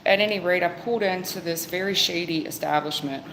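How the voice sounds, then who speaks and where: Woman tarot reader, low voice, casual rambling delivery, faint background noise. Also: a little fast. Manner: rambling, conversational, with fillers and restarts. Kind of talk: live-stream tarot reading and storytelling.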